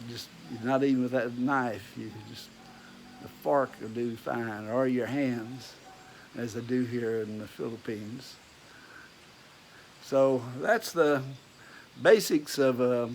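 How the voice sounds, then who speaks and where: Outdoors at his Texas home in the rain, a man with a medium-pitched voice and a Texas accent rambles folksily to his vlog viewers in casual chat. He uses lots of fillers and restarts, and the rough recording carries a slight hiss or hum.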